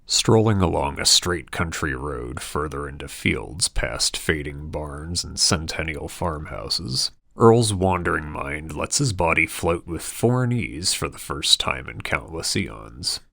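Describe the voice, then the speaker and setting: A man narrating an audiobook in a steady, descriptive storytelling manner. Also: rumbling low, measured pace, vocal fry, few pauses, dry recording, clean studio sound. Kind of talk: scripted narration.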